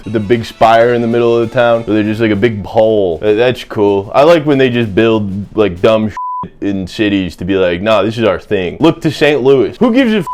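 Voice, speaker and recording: A young American man hosting a comedy drinking guide in an irreverent, profane, rambling way. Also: medium pitch. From United States. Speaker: comedy cooking host. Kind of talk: comedic monologue.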